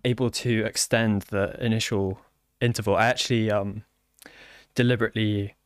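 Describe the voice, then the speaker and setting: Low-voiced man, halting casual chat. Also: dry recording, clean studio sound. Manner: halting, full of fillers and restarts. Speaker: software developer. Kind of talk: casual conversation.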